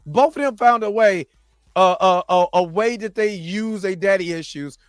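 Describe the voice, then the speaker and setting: A man's voice: high-pitched, normal speed, clean tone, no echo, studio quality. A man hosting a reaction show, recapping episodes in a loose, slangy, rambling way full of restarts and asides.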